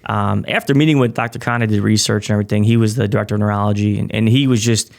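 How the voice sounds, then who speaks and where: A man with a lowish, creaky voice talks at a racing pace as a podcast guest, telling a personal story in casual conversation. He's animated and acts out what other people said.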